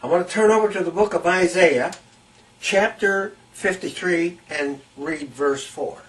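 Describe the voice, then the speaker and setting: Slow, high-voiced preacher heard from afar. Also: male voice, distant mic, poor audio. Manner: deliberate, emphatic, repeats key phrases. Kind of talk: Bible teaching sermon.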